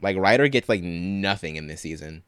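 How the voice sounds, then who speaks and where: A man co-hosting a podcast, recapping scenes in casual chat and quoting characters in quick, animated paraphrase. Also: sits low, smooth, no echo, clean studio sound. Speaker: podcast co-host.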